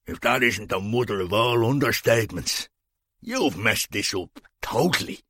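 A man's voice: fairly low pitch, animated, fairly bright tone, husky, no room sound. A man voicing a coarse, indignant criminal, swearing and complaining in a dry storybook reading. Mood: outraged. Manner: crude, swearing, quick to complain.

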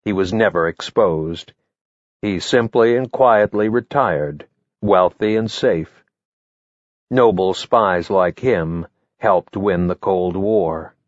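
A man narrating his memoir in a measured, matter-of-fact way, reading from a script. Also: low voice, dry recording, muffled recording. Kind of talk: first-person memoir narration, read from a script.

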